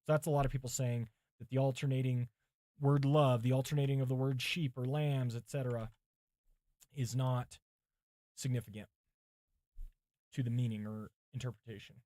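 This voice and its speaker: A man's voice: medium pitch, little pitch movement, moderate pace, long pauses, warm tone, no room sound. A male pastor preparing a sermon on a livestream, reading commentaries aloud, thinking aloud and chatting with viewers, with his mic set some way from him. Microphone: mic set far from him.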